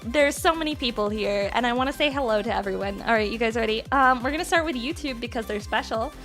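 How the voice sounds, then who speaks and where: A young woman from Canada hosts a relaxed livestream, chatty and quick to giggle as she reads out names from chat. Her voice sits high and sounds bright and sharp. Soft music plays quietly underneath.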